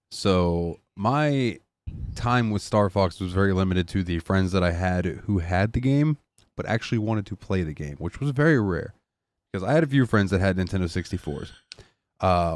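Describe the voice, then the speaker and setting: A man's voice: low-pitched, a little mellow, dry recording. A man guesting on a casual podcast, telling stories in an easygoing way. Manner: easygoing, storytelling.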